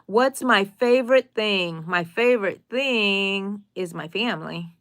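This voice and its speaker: A woman's voice: medium pitch, slow pace, a bit bright. A middle-aged woman chats casually through a live stream. She talks in a friendly, rambling way and reads out viewers' comments and answers them as she goes. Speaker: crochet channel host.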